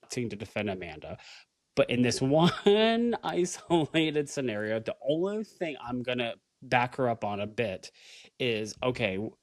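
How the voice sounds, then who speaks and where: A man co-hosting a casual recap podcast, talking in an animated way, swearing and acting out quotes. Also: medium pitch, no room sound. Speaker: podcast co-host.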